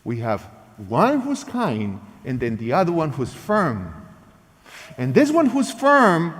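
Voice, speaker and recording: A man presenting a parenting workshop in a lively teaching style, emphatic and animated, speaking English with non-native phrasing. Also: fairly high pitch, takes it slowly. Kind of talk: lively teaching talk acting out parent and child lines. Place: church hall. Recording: long reverb of a large hall.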